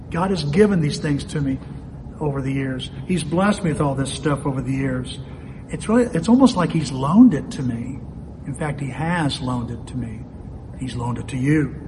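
A man's voice: a little high, a little mellow. A male pastor preaching a sermon in a conversational way, telling stories and putting questions straight to his listeners. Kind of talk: sermon with storytelling. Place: church sanctuary. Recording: reverberant hall with faint noise.

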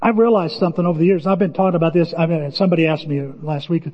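A man preaching a sermon as pastor, animated, acting out quotes and often repeating words. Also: a little high, very fast, big-room sound, dull audio.

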